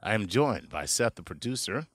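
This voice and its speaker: A middle-aged man hosting a comedy podcast, telling stories in an animated way, laughing often and slipping into voices. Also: lowish voice, normal speed, husky, dry recording, clean studio sound. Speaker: podcast host. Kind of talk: casual comedic chat.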